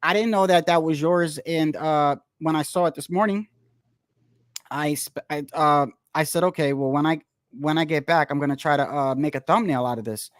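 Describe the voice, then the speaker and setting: A man's voice: a little high, moderate pace, no room sound, clean studio sound. A man hosting a casual boxing podcast, talking in a rambling, profane way that repeats phrases. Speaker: boxing show host.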